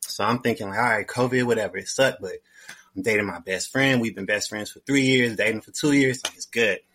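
A man's voice: on the low side, a little fast, fairly bright tone. A young man telling a personal story in a casual, slangy way, often repeating his phrases.

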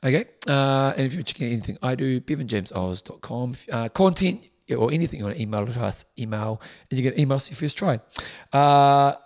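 A man's voice: mid-range voice, expressive. A man, co-hosting a podcast in rambling casual chat. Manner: quick, rambling, chatty. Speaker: podcast co-host.

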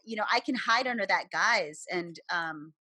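Candid, animated woman podcast co-host. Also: fairly low pitch, normal speed, husky, no echo. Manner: candid, animated, swears when quoting herself. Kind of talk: casual chat.

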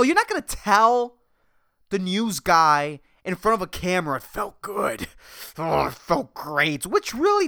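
Male podcast host, rambling profane rant, lively pitch, bright clear voice. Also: dry recording, studio quality. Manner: profane, rambling, exasperated ranting. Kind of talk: casual solo podcast monologue.

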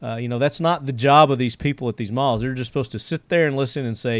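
A man's voice: medium pitch, quick pace, dry recording. A man hosting a casual podcast, telling stories in a rambling way with lots of fillers and frequent chuckles. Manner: rambling storyteller, many fillers, chuckles often. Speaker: podcast host.

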